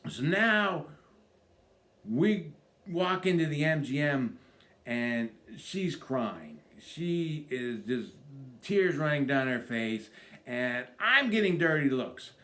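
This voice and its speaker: Brief: comedian man, slightly high voice, lively storyteller acting out voices. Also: slow. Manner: animated storyteller, acts out voices. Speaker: stand-up comedian. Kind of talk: comic road story told to camera.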